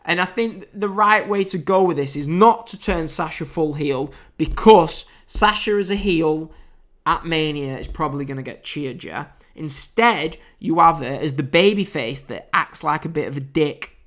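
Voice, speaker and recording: A man's voice: a little high, moderate pace, fairly bright tone. Chatty British man reviewing wrestling. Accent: British English. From United Kingdom. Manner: chatty, wry, digressive with frequent fillers. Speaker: wrestling podcast host. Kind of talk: casual solo review.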